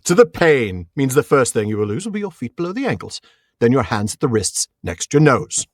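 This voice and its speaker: A man impersonating a film actor as a young masked swordsman who coldly threatens, drawing out his words slowly. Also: mid-range voice, very animated, background noise, close to an everyday voice. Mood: menacing. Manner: slow, drawn-out threats.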